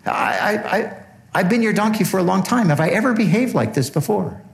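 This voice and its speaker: A bewildered talking donkey pleads and stammers in a voice pitched well above the teller's own, as a man preaching puts it on. He is loyal and hurt, and asks his rider what he did wrong. It is a quick dramatized aside in a sermon. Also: expressive, creaky, roomy sound. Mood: pleading.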